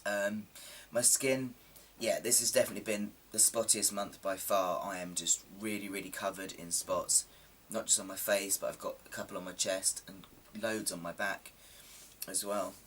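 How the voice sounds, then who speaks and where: A man's voice: lowish voice, level tone, normal speed, fairly bright tone, distant mic, a little hiss or hum. A man in casual chat to camera, rambling and self-deprecating with plenty of ums, his voice a little coarse from a sore throat. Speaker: vlogger.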